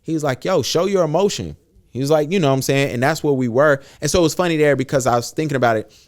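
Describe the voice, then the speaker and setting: A man co-hosting a podcast, telling a story in a relaxed way and often agreeing. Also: medium pitch, very fast. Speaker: podcast co-host. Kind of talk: casual podcast talk.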